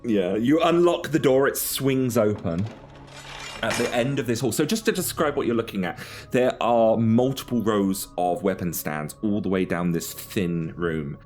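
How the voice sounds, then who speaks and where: A man narrating a tabletop role-playing game as game master in a relaxed, descriptive way. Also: fairly low pitch, moderate pace, soft background music.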